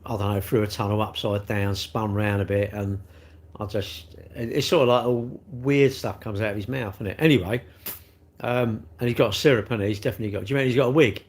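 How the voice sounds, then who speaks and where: A man's voice: on the low side, fairly even intonation, fairly quick, darkish tone. A middle-aged man, chatting casually on a live stream and teasing viewers about their comments. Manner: jokey, teasing banter with chat.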